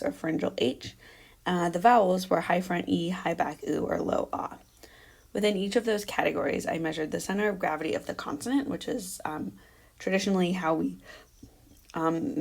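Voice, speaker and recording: Low, gravelly-voiced woman giving an academic talk. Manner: measured, technical, frequent ums. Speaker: doctoral candidate presenting her dissertation defense. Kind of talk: academic presentation.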